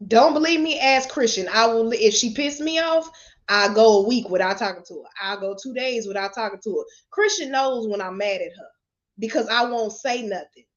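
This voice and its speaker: A woman's voice: on the high side, normal speed. Blunt, profane woman on a lo-fi livestream. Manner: blunt, profane, laughs often. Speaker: motivational speaker. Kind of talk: live-stream motivational talk. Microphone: webcam or phone camera.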